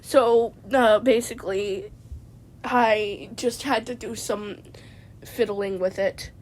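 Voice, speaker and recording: A woman's voice: mid-range voice, fairly even intonation, slow. A woman vlogger telling a rambling comedic story from inside a parked car, stammering and tacking "man" onto her sentences.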